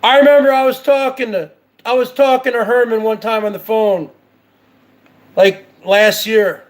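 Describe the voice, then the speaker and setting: A man's voice: extremely high pitch, steady tone, normal speed. A man hosting his own show, ranting in heated, profane, repetitive commentary. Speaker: show host.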